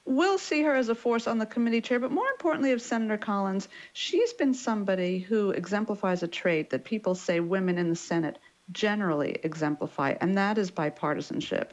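In this lo-fi clip, a woman who writes for a newspaper explains political matters on a radio news program. She speaks at a medium pitch in a measured way, dropping in a few fillers.

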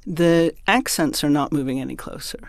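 A man's voice: a little high, normal speed, creaky, no room sound. A man answering interview questions thoughtfully, explaining with frequent restarts and asides. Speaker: linguist guest.

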